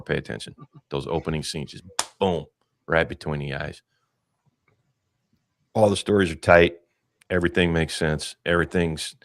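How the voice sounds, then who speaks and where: A man hosting a casual movie podcast, animated and rambling, joking and swearing freely. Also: very deep voice, no echo, studio quality. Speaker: podcast host.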